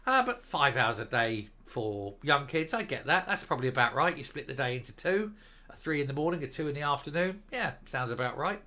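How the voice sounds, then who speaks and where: A man's voice: mid-range voice, big pitch swings, brisk, sharp tone. An older man reads out news items and mocks them in a sarcastic, scornful rant as the host of a political commentary show. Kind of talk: reading news and ranting.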